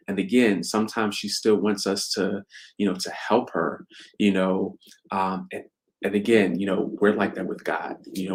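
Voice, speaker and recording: A man with a fairly low voice talks through a devotional reflection in a loose, conversational way. He muses aloud, circling back with "you know" and restarts as he thinks. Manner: reflective, conversational, many fillers. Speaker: faith vlogger. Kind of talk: casual devotional talk.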